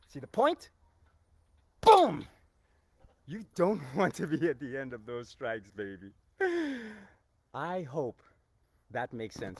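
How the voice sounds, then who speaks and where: A man teaching martial arts strikes in a live-stream rant, emphatic and animated, shouting out strike sounds and often clearing his throat. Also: a little high, slight background noise. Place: home training garage in the backyard.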